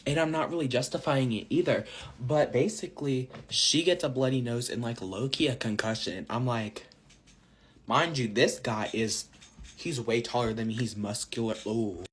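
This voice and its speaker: A man's voice: mid-range voice, a little hiss or hum. A man telling a casual storytime to his followers, slangy and rambling, full of fillers. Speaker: social media storyteller.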